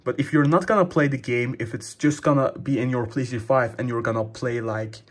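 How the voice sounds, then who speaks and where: A man's voice: mid-range voice, fairly even intonation, a little fast. A young man hosting a casual gaming tip video, rambling and calling his viewers guys, a little out of breath. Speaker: gaming channel host.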